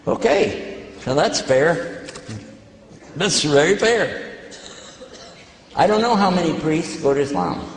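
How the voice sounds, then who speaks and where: Older preacher in an echoey hall. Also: male voice, fairly high pitch. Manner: storytelling, animated when retelling events. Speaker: preacher answering questions. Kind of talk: public talk to an audience. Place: large hall. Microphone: handheld microphone. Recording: echoey hall, long reverb.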